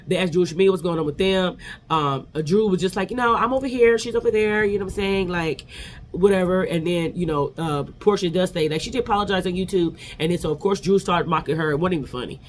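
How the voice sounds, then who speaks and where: A man hosting a vlog, giving an animated, sassy casual recap of a reality TV episode. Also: sits high, quick pace, slight background noise. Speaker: vlog host.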